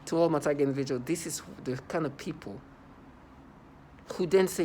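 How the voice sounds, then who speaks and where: A man's voice: on the high side, fairly quick, warm tone, slight background noise. Scornful man ranting at viewers. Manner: rambling, scornful, repeats himself; breaks into mocking laughs. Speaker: vlogger. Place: New York City.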